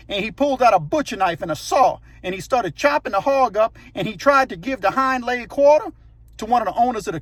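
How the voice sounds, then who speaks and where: Man, storytelling host, emphatic, high-pitched, dry close recording. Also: no echo. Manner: emphatic, addresses the viewer directly. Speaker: channel host. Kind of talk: storytelling narration.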